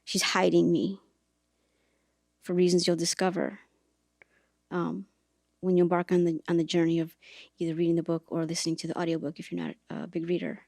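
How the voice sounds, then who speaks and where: A woman's voice: lowish voice, little pitch movement, fairly quick, vocal fry, long pauses, darkish tone, no echo, studio quality. A woman hosting a podcast, telling a personal story in a reflective, earnest way, with hesitations and restarts. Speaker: podcast host and author.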